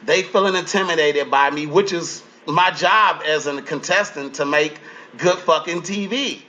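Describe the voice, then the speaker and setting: A man who was a reality show contestant, telling profane, animated stories in a casual interview. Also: on the high side, normal speed, lo-fi sound. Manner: animated storytelling, profane, acts out quotes.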